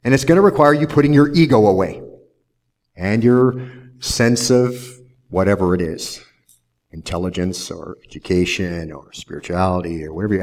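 A man's voice: sits low, darkish tone. A man pastor preaching a verse-by-verse sermon in an earnest manner, often tagging "see?" onto his points.

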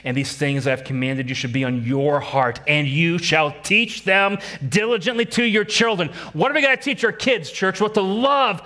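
A man's voice: high-pitched, normal speed, hardly any pauses, pushed and bright. A man preaching a sermon as a pastor, emphatic and repeating key phrases, putting questions to his congregation.

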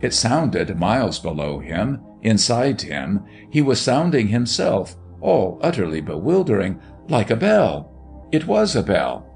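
A man narrating a story aloud in an expressive, dramatic reading. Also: on the low side, unhurried, gravelly, soft background music.

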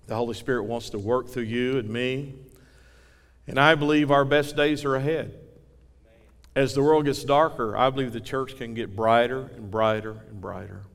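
A man's voice: medium pitch, moderate pace. A man preaching a fervent sermon as pastor, telling folksy stories from his church. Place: church sanctuary. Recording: reverberant church hall.

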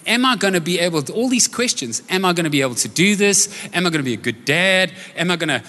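A high-pitched man preaching live in a church, his voice ringing with a long hall echo. He is from South Africa and talks conversationally, cracking jokes and throwing questions to the congregation. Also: expressive, quick pace, sharp tone. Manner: conversational, jokey, asks the audience questions. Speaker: pastor. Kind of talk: sermon with personal stories. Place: church auditorium, live service.

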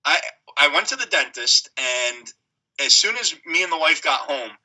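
A man co-hosting a podcast, talking in a casual way, teasing his partner and quick to laugh. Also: fairly high pitch, lively intonation, bright, forceful tone, poor audio. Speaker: podcast co-host. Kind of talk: casual chat.

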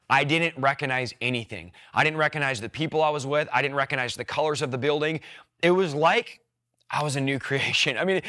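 Man, evangelist, earnest emotional testimony; bright, tense delivery. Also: on the high side. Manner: earnest, repetitive, emotional storytelling. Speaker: evangelist sharing his testimony.

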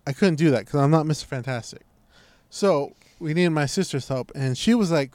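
A man's voice: fairly high pitch, a little fast, no echo. A man telling a long story in casual chat, acting out what others said and swearing freely. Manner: animated, acts out quotes, swears freely.

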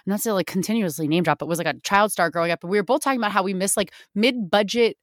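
A young woman co-hosting a casual film podcast, animated and playfully sarcastic, laughing often. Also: medium pitch, racing, no echo, clean studio sound. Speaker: podcast co-host. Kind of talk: casual chat about films.

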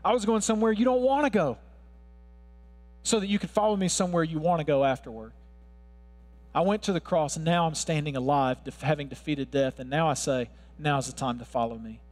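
High-voiced male preacher in a hall. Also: brisk. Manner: earnest preaching, swelling louder when quoting scripture. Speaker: pastor. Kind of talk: sermon.

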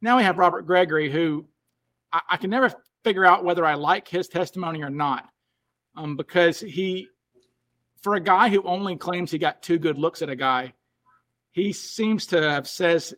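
A man's voice: a little high, expressive, moderate pace, fairly bright tone. A man hosting a podcast in casual chat, thinking aloud and circling back to rephrase his points. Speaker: podcast host.

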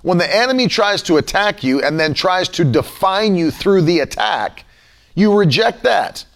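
A man preaching an online sermon with emphatic, repeated declarations and a fast, energetic delivery. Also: sits high, vocal fry. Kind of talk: livestreamed sermon.

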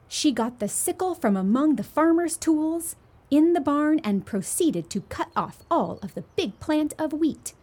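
A woman reading a children's storybook aloud to young listeners, in an expressive, gently emphatic way. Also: sits high.

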